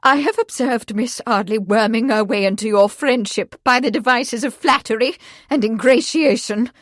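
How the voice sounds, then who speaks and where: A woman reading an audiobook, voicing an imperious, hysterical older aristocratic mother who speaks in a shrill, cutting way. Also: moderate pace, no room sound, clean studio sound, natural voice.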